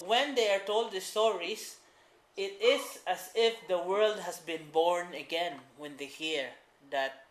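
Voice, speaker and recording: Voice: mid-range voice, a bit bright. A writing teacher giving a patient class explanation, repeating key points. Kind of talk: classroom instruction. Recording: roomy echo.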